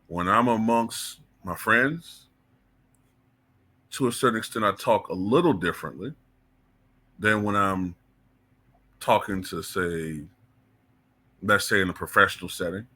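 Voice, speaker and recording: A man's voice: on the low side, unhurried, pauses often, bright, forceful tone. Blunt, heated male commentator. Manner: blunt and heated, curses freely. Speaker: political commentator. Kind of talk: casual opinion commentary.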